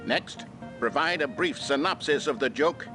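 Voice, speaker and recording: A man plays a bright, mock-authoritative narrator from a retro instructional video. He talks briskly and cheerfully in a slightly raised pitch. Clear music plays under him. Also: lightly acted. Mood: upbeat. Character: upbeat male instructional-film narrator.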